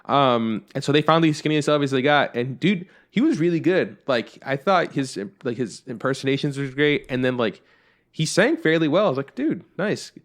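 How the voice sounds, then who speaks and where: A man's voice: mid-range voice, animated, moderate pace. Young guy cohosting a podcast, rambly, says like a lot, casual chat. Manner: rambling, heavy on fillers like "like" and "you know". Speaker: podcast co-host.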